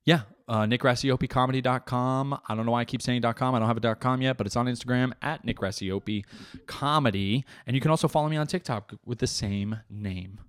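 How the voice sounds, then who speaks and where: A man's voice: mid-range voice, a little fast, no room sound, studio quality. A young man hosting his own podcast in a casual, rambling, profane and jokey way. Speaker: podcast host. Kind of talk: casual solo podcast chat.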